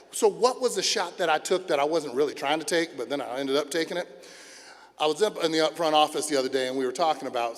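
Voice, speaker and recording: A middle-aged man, a school principal, speaks at a graduation with a high, bright voice. He tells stories and acts out the people in them, jumping from loud shouts to near murmurs. A long echo hangs behind him, as from a huge outdoor amphitheater. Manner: animated, acts out quotes with big swings in loudness. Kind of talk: storytelling commencement speech.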